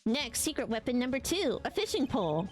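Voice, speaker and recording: A woman's voice: high-pitched, very animated, a little fast, faint music behind. A woman voicing a cheerful, bumbling male detective while reading game dialogue aloud, in a folksy tone. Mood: upbeat. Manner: folksy, calls people pal.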